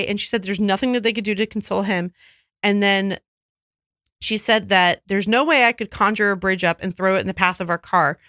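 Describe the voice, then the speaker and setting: A woman's voice: mid-range voice, dry recording, clean studio sound. Chatty woman podcast host. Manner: animated storyteller who acts out quoted voices. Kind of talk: casual chat.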